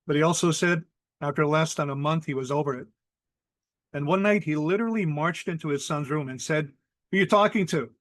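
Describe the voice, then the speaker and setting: Hawaiian storyteller man with a higher voice. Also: dry recording. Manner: measured, vivid, acts out quoted people. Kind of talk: ghost story telling. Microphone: video call.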